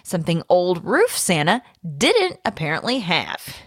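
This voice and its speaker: A woman's voice: fairly low pitch, huge pitch swings, a little slow, slightly rough, dry recording. Woman reading aloud in a dry room. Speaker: podcast co-host reading a fan theory. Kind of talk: reading a listener's theory aloud.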